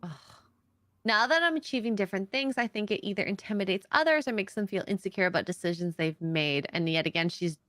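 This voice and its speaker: A woman's voice: medium pitch, fast talker, fairly bright tone, no echo. A woman co-hosting a casual chat stream, reading news stories aloud in an easygoing way. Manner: reads articles aloud, easygoing. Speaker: stream co-host.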